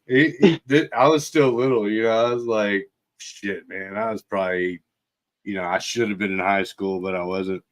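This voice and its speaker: A man telling old stories in a casual, profane chat, laughing often. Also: fairly low pitch. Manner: profane, laughing, slow drawl. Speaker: podcast host.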